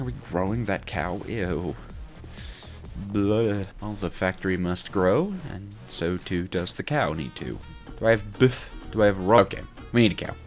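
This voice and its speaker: Male gaming creator, excitable let's play talker with a very animated pitch and a habit of thinking out loud. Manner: excitable, thinks aloud and talks to himself, often laughs. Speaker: gaming YouTuber.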